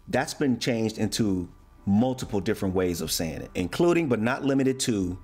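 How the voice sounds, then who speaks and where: A man's voice: lowish voice, lively intonation, normal speed, darkish tone, husky, soft background music. A man from the United States explaining slang in a casual, playful way, acting out example phrases. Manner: playful, acts out example phrases in shifting voices. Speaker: YouTuber explaining American slang.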